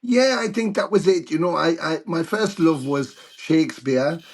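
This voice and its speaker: A middle-aged British man telling anecdotes in a casual interview, animated when he quotes others. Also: a little high, moderate pace, breathy edge. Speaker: guest musician.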